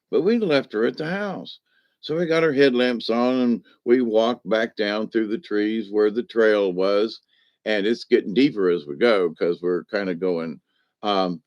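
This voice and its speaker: A man with a lowish voice tells a long personal story, drifting from one thought to the next in a folksy, loose way with homespun slang. The recording is dull and lo-fi, and very dry with no room sound. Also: a little mellow, no echo. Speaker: vlogger telling a personal story. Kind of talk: casual rambling storytelling.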